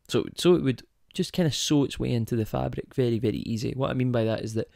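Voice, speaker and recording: A man's voice: mid-range voice, fast talker, vocal fry, a little mellow, no echo, clean studio sound. A man hosting a podcast on his own, talking casually and wandering off on tangents while asking his listeners rhetorical questions. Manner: rambling, goes off on tangents, asks rhetorical questions. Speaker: podcast host. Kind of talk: casual monologue.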